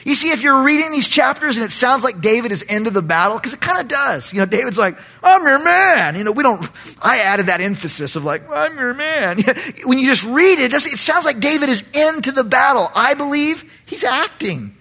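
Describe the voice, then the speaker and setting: A man's voice: very high-pitched, animated, a little fast, bright, forceful tone. A male pastor preaching an expository Bible study, animatedly breaking into dramatic voices for the characters.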